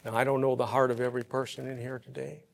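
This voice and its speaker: A man preaching a sermon, telling everyday stories and swinging from soft, quiet passages to loud, emphatic peaks. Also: mid-range voice, little pitch movement, fast talker, creaky. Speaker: pastor. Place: church. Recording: long hall reverb.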